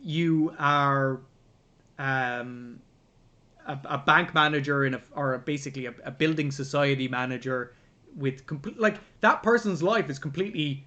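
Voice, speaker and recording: A man's voice: mid-range voice, normal speed, dull audio. A man co-hosting a podcast, chatting casually about a film, swearing and acting out scenes. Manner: animated, swearing, acts out scenes. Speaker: podcast co-host. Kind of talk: casual film review chat.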